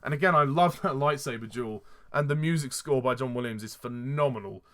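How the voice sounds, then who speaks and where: A man reviewing films in a casual vlog, sarcastic and exasperated. His voice sits at an ordinary middle pitch, and he laughs often at his own jabs. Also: fairly quick, bright, forceful tone. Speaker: film reviewer.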